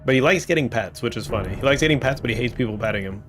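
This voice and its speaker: A man's voice: mid-range voice, lively intonation, very fast, fairly bright tone. A man streaming a game, casually thinking aloud and rambling between tasks. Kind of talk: casual gameplay commentary.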